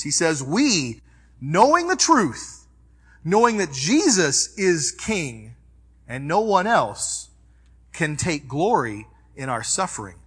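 A male pastor preaching a sermon, swinging from loud urging to quiet reflection, with personal stories woven in. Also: on the high side, slightly rough. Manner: personal storytelling within preaching.

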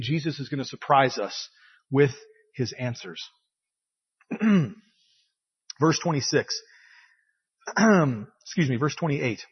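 A man's voice: fairly high pitch, slightly rough. A man preaching a sermon and reading scripture aloud, acting out the quoted voices with feeling. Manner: expressive, acts out quoted voices. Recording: dull lo-fi sound with long hall reverb.

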